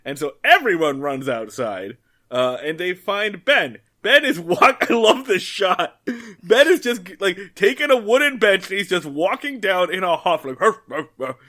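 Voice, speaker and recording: A man co-hosting a podcast, casually recapping a TV episode, animated and quick to laugh and act out lines. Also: sits high. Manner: animated, laughs often, acts out characters' lines. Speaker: podcast co-host.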